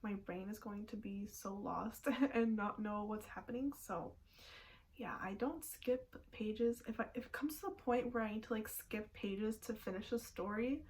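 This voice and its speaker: A woman's voice: mid-range voice, normal speed, a little mellow, slight background noise. A young woman chatting casually at home about her reading habits, giggling often and filling her sentences with "like". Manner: chatty, giggly, many "like" fillers. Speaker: booktuber. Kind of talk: casual chat.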